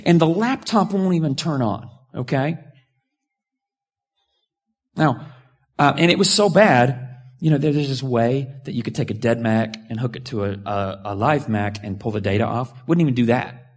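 A man preaching a sermon as a pastor, telling a personal story with lively swings between hushed asides and loud outbursts. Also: mid-range voice, normal speed, pauses often, slightly rough.

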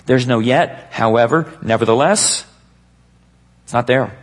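A man preaching a sermon to a live congregation, with an emphatic, slow, dramatic delivery. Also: medium pitch.

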